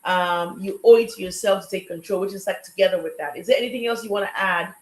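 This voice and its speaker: Woman, podcast host, animated storyteller, roomy echo. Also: mid-range voice, quick pace. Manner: animated storytelling, acts out callers' lines. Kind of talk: casual chat.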